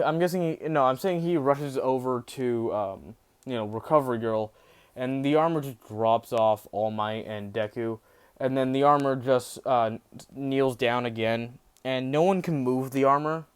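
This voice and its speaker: A man's voice: medium pitch, measured pace, clear, resonant tone. A man casually narrating a fan-made story, rambling, with many fillers and restarts.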